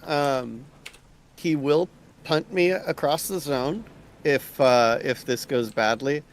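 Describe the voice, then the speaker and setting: A man chatting in an easygoing way and calling out quick instructions while playing an online game over a headset mic. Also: mid-range voice, slight background noise. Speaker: group player. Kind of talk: casual chat while gaming.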